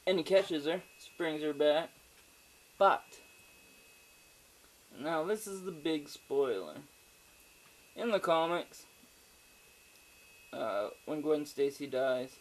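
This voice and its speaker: A man's voice: a little high, low-quality recording. A man giving a casual, rambling spoken movie review, swearing freely and often trailing off into fillers and asides. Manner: rambling, profane, with frequent fillers and digressions.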